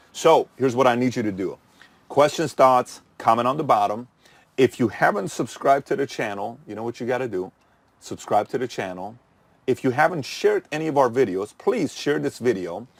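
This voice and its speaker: A man's voice: fairly low pitch, vocal fry, no room sound. A middle-aged man hosting his channel, giving a punchy motivational talk full of rhetorical questions that he answers himself. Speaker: channel host.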